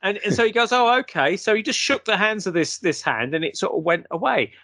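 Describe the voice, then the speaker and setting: A man, a guest, telling a long anecdote in a casual, animated way and acting out the quotes. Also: high voice, fast, no room sound.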